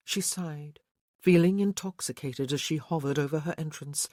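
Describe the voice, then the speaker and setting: An audiobook narrator reading a romance novel at a slow, even pace. The voice sits at a middle pitch. The recording is dry and close, with no echo.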